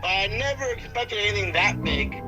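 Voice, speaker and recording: A man's voice: high-pitched, expressive, moderate pace, over music. A man playing a cheerful dad who speaks in a hammy put-on British accent. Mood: chatty.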